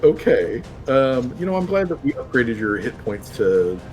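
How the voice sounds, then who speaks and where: A man at an ordinary middle pitch runs a tabletop game, describing the action loosely and laughing as he goes. He swears freely and stumbles through his sentences. Faint music plays in the background. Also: very animated, normal speed, darkish tone, muffled recording. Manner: laughing, loose and profane, stumbles over words. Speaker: game master. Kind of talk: running a tabletop game, casual narration.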